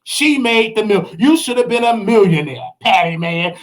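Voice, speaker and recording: A man with a Southern US accent, hosting and ranting in animated commentary, preachy and mocking. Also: high voice, moderate pace, hardly any pauses. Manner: preachy, mocking, acts out quotes in other voices. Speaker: host.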